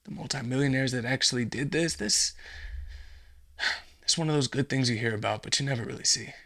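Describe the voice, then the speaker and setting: A man hosting a comedy podcast, ranting in a profane, rambling monologue and jumping into acted-out scenes. His voice is gravelly with a bright, forceful edge. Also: mid-range voice, a little fast.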